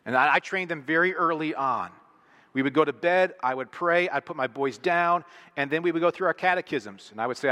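A man's voice: fairly high pitch, fast talker, bright, forceful tone, big-room sound. A middle-aged male pastor preaching a sermon in an earnest, emphatic way, leaning hard on single words. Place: large church hall.

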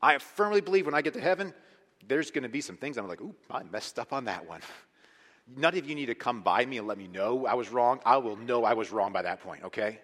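A man preaching a sermon as pastor, animated and emphatic, dropping to hushed lines and rising to loud ones. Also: medium pitch, fast. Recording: long hall reverb.

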